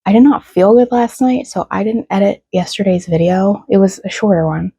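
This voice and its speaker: A woman's voice: mid-range voice, fairly even intonation, moderate pace, gravelly, warm tone, husky, dry recording. A young woman talking casually to her vlog camera at home, frustrated and close to tears but laughing it off. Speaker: vlogger.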